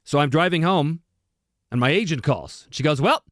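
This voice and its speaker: Slightly high-voiced and speaking at normal speed, this man sounds clean and studio-recorded with no echo. As a voice actor and streamer, he hosts a livestream full of casual chat and lively stories, laughing readily.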